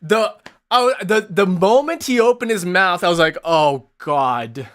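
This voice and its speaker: A man hosting a casual live stream, animated and exasperated, who swears often and keeps laughing mid-sentence. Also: high-pitched, normal speed. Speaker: streamer host.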